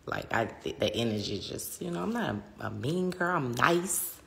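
Gravelly low New Orleans woman. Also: lively intonation, moderate pace. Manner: chatty, swears freely, reads out viewer comments. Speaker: livestream host. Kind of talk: casual livestream chat. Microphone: phone.

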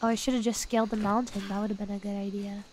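A woman's voice: mid-range voice, level tone, fast, a little hiss or hum. A young woman chatting expressively while playing a game on a livestream, squealing when scared. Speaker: streamer. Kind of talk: gaming livestream commentary. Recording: loud game music underneath.

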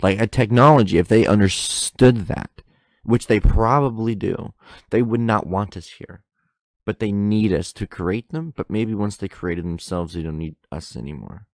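A young man's low, gravelly voice fills a solo podcast recorded at home. He rambles from thought to thought, breaking off his own sentences and cursing without a second thought. His mouth is close to the mic, and the sound is dry. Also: moderate pace, no echo. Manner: rambling, self-interrupting, swears casually. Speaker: podcast host. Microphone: close microphone in front of face.

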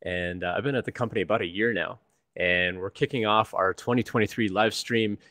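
A man's voice: on the low side, fairly quick, sharp tone, no room sound, studio quality. A man from the United States hosting a live stream over a video call, chatting in a friendly way with many fillers. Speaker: host, developer advocate. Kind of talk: casual live-stream chat.

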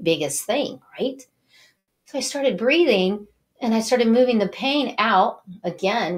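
A middle-aged woman hosting a wellness show, talking straight to viewers as an animated storyteller and Reiki teacher. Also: fairly low pitch. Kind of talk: motivational talk to viewers.

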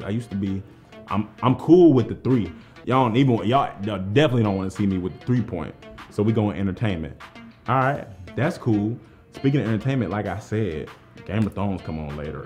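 Animated, hyped-up man hosting trivia. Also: on the low side. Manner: hyped-up, playful, jokey, talks straight to the players. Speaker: trivia game show host. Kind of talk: hype live game hosting.

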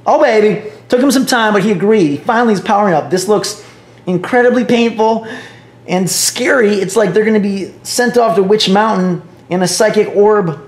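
A young man giving casual, jokey commentary on a mobile game, playful and excitable. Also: sits high, moderate pace, echoey room. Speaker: gaming vlogger.

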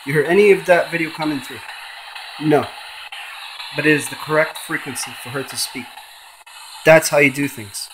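A man hosting a ghost-hunting vlog, calling out repeatedly to spirits and then lecturing insistently in drawn-out, emphatic explanations. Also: a little high, fairly bright tone, slight background noise, rough recording. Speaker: paranormal channel host.

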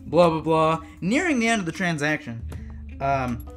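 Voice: mid-range voice, big pitch swings, moderate pace, soft background music. A retail cashier telling a work story as an exasperated, profane storytime rant. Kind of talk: animated storytime vlog.

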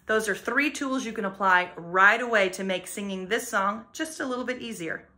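A woman's voice: mid-range voice, moderate pace, bright, forceful tone. A woman vocal coach explaining singing technique plainly, breaking off now and then to sing short demo lines. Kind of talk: singing lesson with sung demonstrations.

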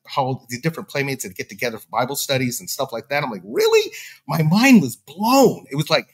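A man telling a story in a loose, chatty way. His pitch swings widely as he acts out what each person said, often jumping up high. It sounds like a relaxed podcast conversation. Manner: animated, acts out quoted dialogue. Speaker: podcast guest. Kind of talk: casual storytelling.

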